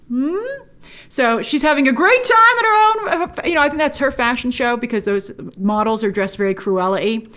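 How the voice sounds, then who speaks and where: Her voice is a little high and a bit bright as she hosts a trailer reaction, giving casual commentary on a film trailer. She talks chattily and enthusiastically, often restarting and using fillers.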